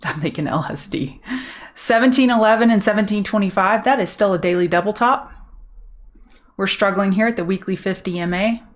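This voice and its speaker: Brisk and mid-range, this woman's voice belongs to a middle-aged Southern-accented trading show host from Louisiana. On her live market commentary stream she's chatty and upbeat, calling out viewers by name as she answers them.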